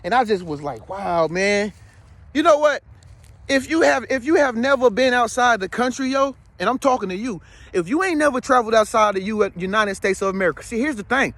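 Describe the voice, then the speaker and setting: A man's voice: very high-pitched, expressive, fairly quick, fairly bright tone, no echo. A man speaking to viewers in a casual, rambling monologue. He is emphatic and slangy, and keeps checking in with his listener. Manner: slangy, streetwise. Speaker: spiritual vlogger.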